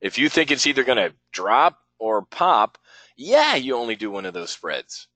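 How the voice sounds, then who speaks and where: A man's voice: medium pitch, huge pitch swings, moderate pace, pushed and bright, dry recording, rough recording. A man running a live options trading webinar, talking bluntly and rambling with some profanity as he works through trades on screen.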